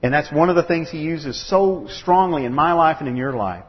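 A man's voice: on the high side, lively intonation, moderate pace, in a large hall, muffled recording. A man preaching a sermon to a gathering of men, emphatic and acting out quoted voices. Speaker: pastor. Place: church or meeting room.

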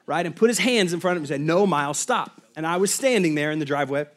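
Speaking rapid-fire in a slightly high voice, this pastor, a man in his thirties, delivers a sermon built around a lively personal story packed with fillers and asides.

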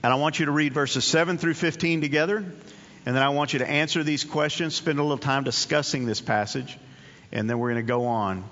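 A man's voice: fairly high pitch, brisk, fairly bright tone. A man preaching a sermon in an earnest, conversational way, often repeating his key phrases. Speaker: pastor. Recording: dull audio with long hall reverb.

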